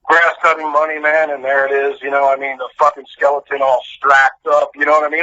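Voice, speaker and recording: A man from Cincinnati with a bright, forceful voice pitched a bit high, heard over a dull, lo-fi phone line. He talks in a laid-back, profane way, tossing in bro and man constantly. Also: flat delivery, fast talker, hardly any pauses. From Cincinnati, United States. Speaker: guest musician. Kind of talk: casual chat.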